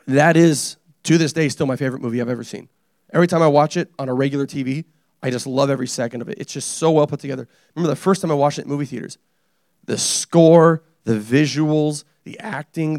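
A young man preaching a casual, energetic sermon, joking and teasing the congregation as he tells stories about his family. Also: mid-range voice, dry recording, studio quality. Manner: animated, joking, self-deprecating. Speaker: pastor.

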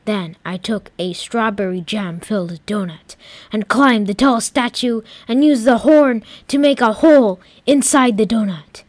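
A woman's voice: a little high, a little slow, dry recording. Playful woman narrator for a silly first-person tale, dry close recording. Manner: playful, dramatic storytelling. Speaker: storyteller narrating as a Martian.

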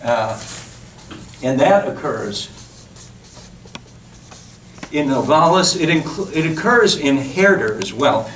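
A man's voice: a little high, lively intonation, takes it slowly, long pauses, fairly bright tone. A man lectures in a rambling, conversational way, breaking off into asides and restarting his sentences. He is heard from some distance in a reverberant room, with a faint hiss underneath. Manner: digressive, chatty, frequent restarts and asides. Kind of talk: public lecture. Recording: roomy echo, distant mic, faint hiss.

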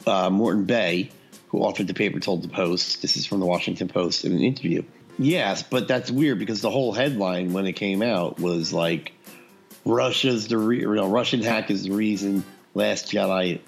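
A man's voice: low voice, normal speed, gravelly, slightly rough, faint music behind. A man co-hosting a podcast, chatting casually and rambling with lots of fillers. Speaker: podcast co-host.

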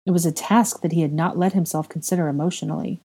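Low, mellow woman reading a story aloud. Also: steady tone, quick pace, breathy edge. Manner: emotional, raises voice sharply for dialogue. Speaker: fan fiction reader. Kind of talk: storybook narration with character voices.

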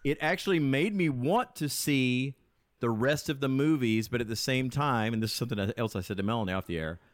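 A man chats as a podcast guest in an easygoing, enthusiastic way, starting sentences over as his thoughts run ahead. His voice sits at a middle pitch. The recording is dry and close, with no room sound. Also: brisk, no echo. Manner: chatty, enthusiastic, with frequent restarts. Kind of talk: casual podcast chat.

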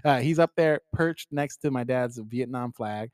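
A man's voice: mid-range voice, a little slow, heavy background noise. A man co-hosting a casual podcast, teasing and joking in banter. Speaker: podcast co-host. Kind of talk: casual chat.

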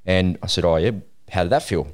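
Aussie bloke hosting a podcast, really deep voice, laid back and chatty. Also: male voice, fairly quick. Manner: chatty storyteller, relaxed and encouraging. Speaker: podcast host. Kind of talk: casual business podcast chat.

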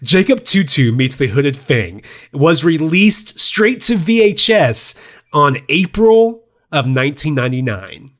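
A man's voice: on the high side, sing-song, measured pace, fairly bright tone. Laughing, joking man, casual podcast chat. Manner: laughs often, loose and joking. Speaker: podcast co-host. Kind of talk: casual chat about movies.

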